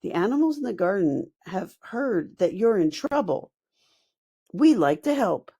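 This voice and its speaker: A woman's voice: mid-range voice, very animated, measured pace, warm tone, slightly rough, no room sound, heavily acted. A woman voicing a friendly male hedgehog who hollers cheerfully.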